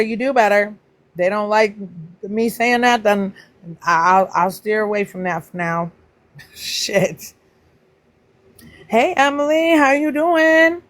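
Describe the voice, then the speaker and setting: This livestream host chats casually, greeting viewers by name and playfully teasing them. Every welcome sends her voice jumping up high.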